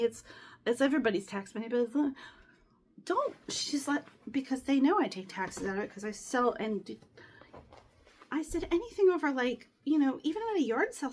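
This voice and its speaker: A woman's voice: high-pitched, sing-song, moderate pace. A woman chatting casually and rambling as she sorts and resells clothing, sometimes dropping to whispered asides. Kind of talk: casual chat while sorting clothes.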